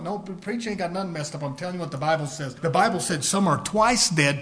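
A male preacher, delivering a fiery sermon that swings between hushed asides and shouted emphasis, in a folksy, emphatic way. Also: fairly high pitch, expressive, quick pace, hardly any pauses.

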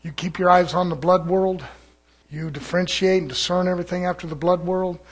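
A man preaching an evening sermon in a church, fervent, swinging between shouted lines and hushed asides. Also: high voice, fairly even intonation, fairly quick.

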